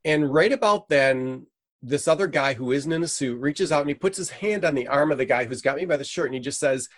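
A man's voice: on the high side, brisk, no room sound. A middle-aged man, a missionary guest, telling a story in conversation and acting out the quoted lines with energy. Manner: animated, acts out quoted dialogue.

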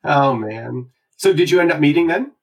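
A male host asking calm follow-up questions in an interview. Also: a little high, normal speed.

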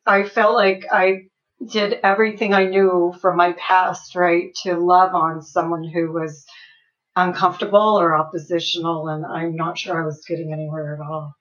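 A woman's voice: lowish voice, flat delivery, a little slow, muffled recording. A married woman recalling events in conversation, often ending with "right?". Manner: conversational, frequent "right?" tags. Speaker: guest. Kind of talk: casual conversation.

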